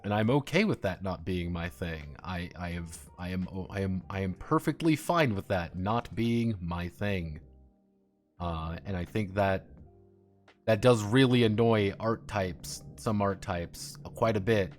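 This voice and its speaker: A young man with a fairly low voice talks casually on a stream, blunt and direct. He rambles, restarts his sentences and laughs often, over faint music in the background. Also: a little slow.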